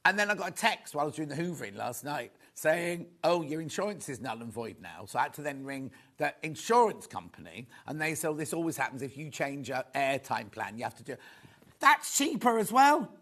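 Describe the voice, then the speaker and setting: Chatty male shopping presenter, lively pitch. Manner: chatty, rambling, quick asides. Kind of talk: live selling chat. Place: TV studio.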